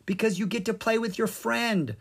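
A reader putting on a young girl for a storybook, raised a little in pitch, with a husky, breathy tone. She asks question after question and is quick to plan. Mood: determined, coaxing. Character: eight-year-old girl, practical and determined. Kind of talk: children's audiobook reading.

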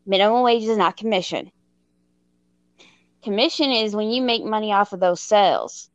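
A woman in her thirties, co-hosting a casual chat, telling a story in an animated, self-mocking way and laughing as she goes. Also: medium pitch, normal speed, no room sound, highs cut off. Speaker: podcast co-host.

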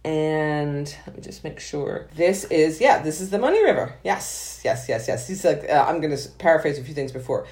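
A woman's voice: low-pitched, expressive, moderate pace, hardly any pauses, a little mellow. A woman author talking casually about a book she loves, enthusiastic and rambling, with frequent restarts. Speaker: author and podcast guest.

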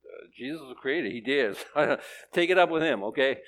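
A male pastor delivers a sermon in a loose, conversational way. He reads scripture and then talks it through with a sarcastic edge, in an ordinary mid-pitched voice. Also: expressive, fairly quick, fairly bright tone. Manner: conversational and sarcastic, with jokes and laughs.

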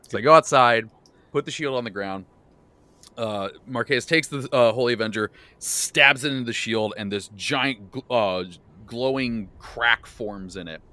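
A man hosting a podcast, recounting his tabletop game session as game master in a loose, animated way, with many restarts and bursts of laughter. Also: medium pitch, measured pace. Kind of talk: casual recap of a tabletop game.

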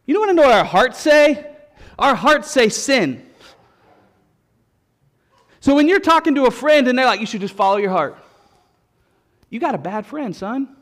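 A male pastor preaching a sermon, telling stories with repeated refrains in an animated way. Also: very high voice, normal speed, pauses often. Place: church sanctuary. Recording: long reverb of a church hall.

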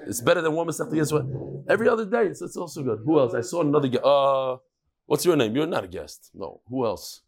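A rabbi teaching a casual daily Talmud lesson, hoarse from a cold, chatting with quick asides to the people in the room. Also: male voice, on the high side, big pitch swings.

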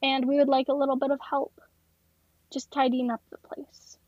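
A woman's voice: high voice, flat delivery, moderate pace, darkish tone, no echo, close to an everyday voice. A woman voicing a weary, exasperated female office boss who pops her gum, in a tabletop game. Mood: brisk. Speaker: head accountant. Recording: dull lo-fi dry recording.

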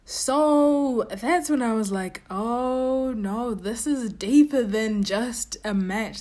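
A woman giving her opinions on tennis in a casual, animated and opinionated monologue that rambles with restarts. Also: on the high side. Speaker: tennis commentator.

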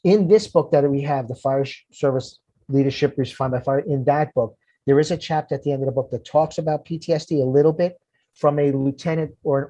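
Earnest, husky-voiced man telling stories. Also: medium pitch, mellow, no echo. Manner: earnest, repeats words when moved. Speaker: firefighter and author, podcast guest. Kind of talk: emotional personal storytelling.

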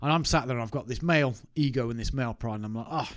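A man's voice: medium pitch, racing. A man, telling a personal story to camera in a chatty, self-mocking way. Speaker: business owner vlogger. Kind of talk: casual anecdote to camera.

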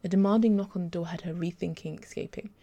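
Female audiobook narrator, measured delivery. Dark, gravelly tone. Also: on the low side, fairly even intonation, dull audio. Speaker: storyteller. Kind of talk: reading a story aloud.

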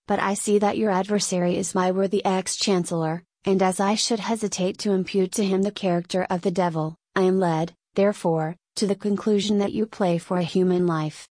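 A woman reading the lines of a calm, stern and ironic male king in an audiobook, speaking in a measured, deliberate way. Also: mid-range voice, no echo, clean studio sound, natural voice.

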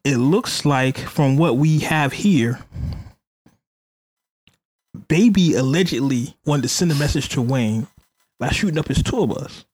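A man's voice: medium pitch, animated, moderate pace, darkish tone, slightly rough, no echo. A man hosting a casual podcast, chatty and hedging, stopping often to say allegedly. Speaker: podcast host. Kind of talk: casual hip hop news chat.

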